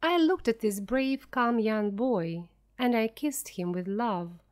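A woman narrates a ghost story for English learners in a fairly high voice. She reads slowly and clearly, setting down each phrase with care. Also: expressive, darkish tone. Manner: slow, clear, deliberate reading. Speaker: audiobook narrator.

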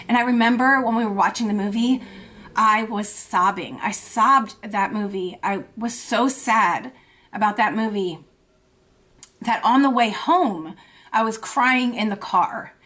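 A woman in her thirties telling a personal story in a confessional makeup vlog, with halting, emotional speech, shaky and anxious. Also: fairly high pitch, a bit bright. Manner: halting, emotional storytelling with many fillers and restarts. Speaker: beauty vlogger.

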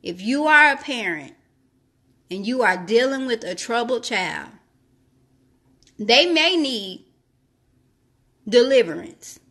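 A woman's voice: fairly high pitch, expressive, takes it slowly, pauses often, fairly bright tone. A woman preaching a devotional, reading scripture and urging listeners to trust God, with repeated phrases for emphasis. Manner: reads scripture aloud, then comments on it. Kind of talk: sermon-style devotional teaching.

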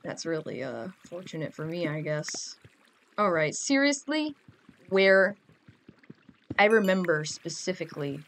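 A woman's voice: fairly low pitch, sing-song, a little slow, long pauses, slight background noise. A teenage girl giving casual, goofy gameplay commentary, chatting and rambling to her audience. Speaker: gamer.

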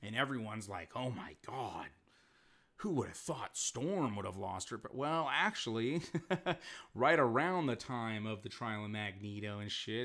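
A man streaming casual commentary, rambling and swearing often as he recaps scenes with quick voiced asides. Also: fairly low pitch, fairly bright tone. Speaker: streamer reviewing comics and shows.

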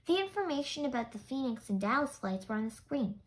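A woman reading a children's chapter book aloud in an expressive storytelling manner. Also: high-pitched, fairly quick, poor audio. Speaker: storybook reader.

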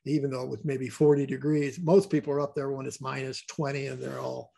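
A man's voice: mid-range voice, little pitch movement, fairly quick, creaky, dark tone. An older man talking as a guest in a casual interview, rambling and repeating words as he tells stories.

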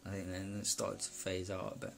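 Gravelly low-voiced man, rambling. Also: little pitch movement. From Wales. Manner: halting, full of fillers and asides. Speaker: personal testimony speaker. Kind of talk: rambling first-person recounting.

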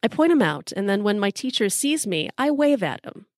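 A woman's voice: mid-range voice, sing-song, moderate pace, dry recording. Middle-aged woman, storyteller, wry and profane, close dry recording. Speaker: storyteller host. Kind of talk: personal storytelling.

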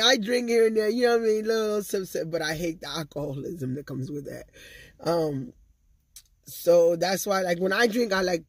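A woman's voice: on the low side, husky, dry recording. A talkative woman hosting her own vlog, chatting casually and directly to her viewers. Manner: chatty, talkative, loves to gab. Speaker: vlogger and channel host.

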